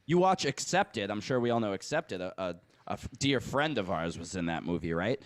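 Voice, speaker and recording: A man with a lowish voice holds forth in loose, profane podcast banter, rambling from one thing to the next and laughing along the way. The sound is close and dry on a studio mic. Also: big pitch swings, a little fast, dry recording. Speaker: podcast host.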